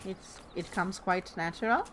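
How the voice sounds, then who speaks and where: Speaking slightly slowly, this let's play host from Bologna, Italy has a mid-range, somewhat bright voice with lively intonation, a light Italian accent and a slight Bolognese lilt. Her diction shows drama-school training as she chats casually through the game in rambling, self-deprecating asides. A little hiss or hum sits under the audio.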